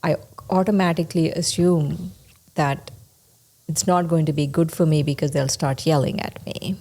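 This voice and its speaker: Female podcast co-host, deep voice, chatty with easy laughter. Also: steady tone, moderate pace, warm tone. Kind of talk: casual spiritual discussion.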